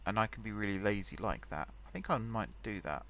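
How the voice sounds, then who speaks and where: A man's voice: on the low side, fairly quick, a bit bright, slight background noise. A young man hosting a game let's play, rambling chattily and thinking aloud as he types. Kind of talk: casual gameplay commentary.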